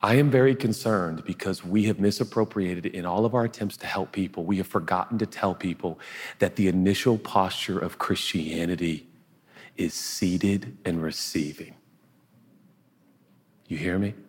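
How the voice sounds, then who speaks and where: Husky-voiced man preaching in a hall. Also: deep voice, normal speed. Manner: earnest, conversational preaching with sudden hushed asides. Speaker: pastor. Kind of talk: sermon. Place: large auditorium.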